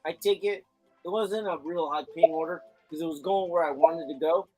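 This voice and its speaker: A man's voice: a little high, moderate pace, no room sound, soft background music, low-quality recording. A man who works as a delivery driver, telling stories in casual chat and swearing often. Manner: animated storytelling, frequent swearing.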